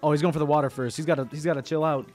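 A young man streaming, chatting casually to his viewers, excitable and animated, jumping from loud squeals down to quiet mumbles. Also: a little high, rapid-fire, soft background music. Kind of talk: casual livestream commentary.

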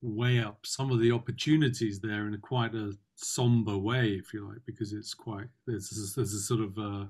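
A man's voice: fairly low pitch, steady tone, darkish tone. Hesitant man reflecting with fillers. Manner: halting, hesitant, many fillers and restarts. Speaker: client in consultation. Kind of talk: reflective conversation.

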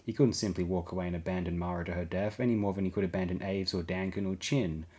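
A man reading a science fiction audiobook aloud, giving the characters' lines small shifts in pitch and volume. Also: fairly even intonation, fast, dark tone. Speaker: audiobook reader. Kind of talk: scripted narration.

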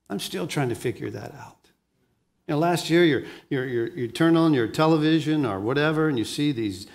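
In a mid-range voice, a pastor gives a sermon that moves back and forth between soft and emphatic delivery. Starting a thought, he often says the same word more than once.

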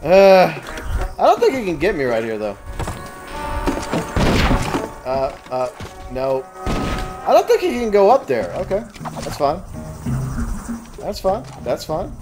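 A man hosting a casual gameplay commentary, cursing and yelling at the game. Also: high voice, wildly swooping pitch, takes it slowly, long pauses, over loud music. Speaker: gaming let's-play host.

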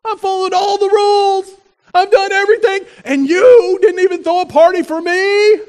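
A man's voice: extremely high pitch, fairly even intonation, normal speed, a little mellow, voice pushed up. A man voicing a resentful older brother who complains indignantly in a whiny voice during a sermon.

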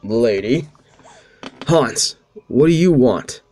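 A man's voice: mid-range voice, lively intonation, slow pace, mellow, faint music behind. A man voicing a young noble princess who leads an army, reading the game lines plainly. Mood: wary.

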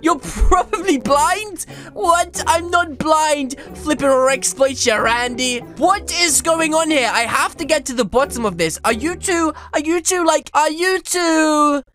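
A young woman YouTuber giving playful, animated game commentary and teasing her friends. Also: high voice, soft background music. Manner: animated, teasing, quick switches between narration and banter. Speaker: gaming YouTuber.

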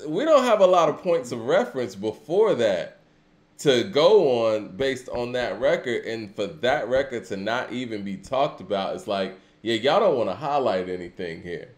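A man with a mid-range voice talks through hip hop history in a relaxed, steady way. He sounds like a podcast co-host in conversation. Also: mid-range voice, normal speed. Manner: conversational, steady, reads super chats. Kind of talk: casual hip hop discussion.

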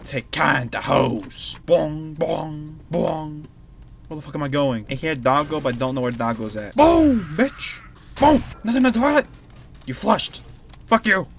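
Rowdy swearing gamer yelling at the screen. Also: mid-range voice, big pitch swings, normal speed, gravelly, pauses often, slight background noise. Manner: loud, shouting, swearing constantly at the game. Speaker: gamer streaming his play. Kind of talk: rowdy game commentary.

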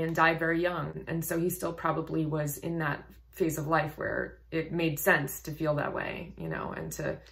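Low-voiced woman vocal coach. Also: vocal fry. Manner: thoughtful, reads text aloud, laughs often. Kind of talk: casual song reaction commentary.

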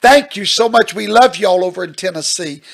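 A man's voice: sits high, normal speed, creaky, poor audio. A male pastor teaching at a Bible study question and answer session, earnest and emphatic, often checking in with "Amen?".

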